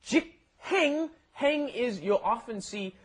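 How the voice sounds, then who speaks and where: Lively chatty man teaching Korean. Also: extremely high pitch, takes it slowly. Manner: chatty, explains with many "right?" tags. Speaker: Korean language teacher co-host. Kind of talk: casual podcast lesson.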